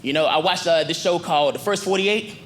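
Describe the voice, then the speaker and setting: On a comedy club stage, a man performs stand-up into a handheld mic, animated, conversational, and full of slang. His voice is a little high and fairly quick, and the live recording picks up the crowd's noise.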